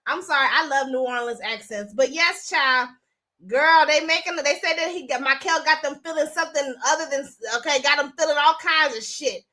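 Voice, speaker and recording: A woman's voice: high-pitched, normal speed, bright, forceful tone. A woman hosting a live stream, talking casually and bluntly to her viewers and swearing freely. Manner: chatty, blunt, profane. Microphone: phone.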